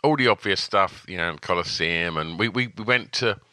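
A man co-hosting a podcast, chatting in a jokey, dry way and pausing on fillers. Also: low-pitched, sharp tone, no echo. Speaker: podcast co-host. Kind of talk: casual chat.

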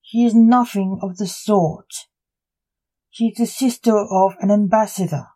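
A reader voicing a stern old male necromancer, a grandfather, in slow, measured storybook speech. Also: medium pitch, steady tone, dark tone, close to an everyday voice, rough recording. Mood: threatening.

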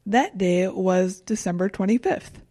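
A young woman co-hosting a casual podcast chat, calmly presenting researched facts with dry humor. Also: mid-range voice, measured pace, dry recording. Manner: calm, matter-of-fact, dry humor.

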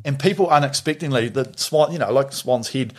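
A man's voice: medium pitch, a little fast. A man telling a rambling, laughing anecdote as a podcast guest, swearing freely. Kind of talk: casual storytelling.

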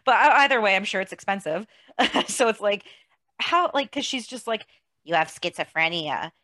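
A woman's voice: fairly high pitch, moderate pace, no echo, studio quality. A woman hosting a podcast, chatting casually about a movie, laughing often and peppering her talk with "like.". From outside the US. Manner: laughs often, animated, says "like" a lot. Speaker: podcast host. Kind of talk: casual movie review chat.

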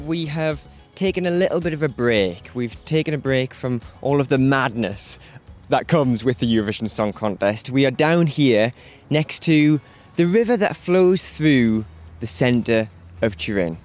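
A man's voice: mid-range voice, animated, normal speed, soft background music. Chatty male podcast host outdoors. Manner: chatty, teasing. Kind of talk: casual chat. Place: outdoors by a river.

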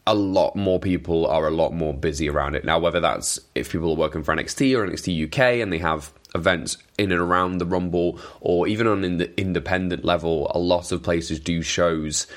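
A man's voice: low-pitched, a little fast, few pauses. A man talking casually to camera in a hesitant, careful way, with fillers and restarts. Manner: hesitant, with fillers and self-corrections.

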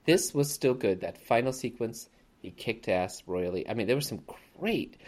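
A man's voice: medium pitch, expressive, moderate pace. A man hosting a casual podcast about a movie, rambling and laughing often. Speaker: podcast host. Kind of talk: casual movie review chat.

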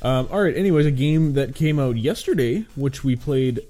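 A man's voice: medium pitch, animated, normal speed, mellow. A man co-hosting a casual gaming podcast, rambling, swearing freely and laughing often. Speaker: podcast co-host.

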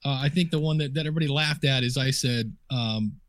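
A man's voice: mid-range voice, fast, fairly bright tone, dry recording, clean studio sound. A man guesting on a podcast interview, telling chatty anecdotes full of quoted dialogue and fillers. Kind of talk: casual storytelling interview. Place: home office desk.

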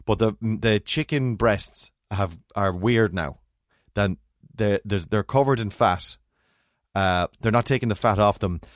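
A man, co-hosting a casual chat and telling rambling, animated stories full of restarts. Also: lowish voice, unhurried, dry recording, clean studio sound. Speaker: podcast co-host.

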